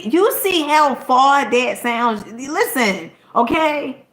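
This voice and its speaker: Woman vlogger preaching at her viewers, keeps going "okay?", a bit high-pitched, roomy echo. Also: animated, takes it slowly, fairly bright tone. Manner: emphatic and preachy, keeps asking "okay?", swears casually. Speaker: content creator. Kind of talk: motivational talk to camera.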